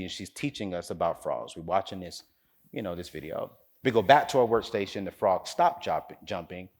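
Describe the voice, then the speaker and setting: Motivational speaker, male, storytelling with rising preacher-style builds, very lively pitch. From North Carolina, US. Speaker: keynote speaker. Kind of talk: motivational speech.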